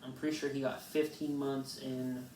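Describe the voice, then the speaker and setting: A man's voice: medium pitch, normal speed, slight background noise. A young man, a podcast co-host, telling a long casual story with lots of swearing and rambling restarts. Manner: rambling, profane, animated storyteller. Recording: echoey room, mic at a distance.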